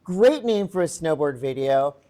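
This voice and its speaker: A man co-hosting a podcast live in front of an audience, teasing his partner and steering topics with quick questions. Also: on the high side, animated, warm tone. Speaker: podcast co-host. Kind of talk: casual podcast chat before a live audience.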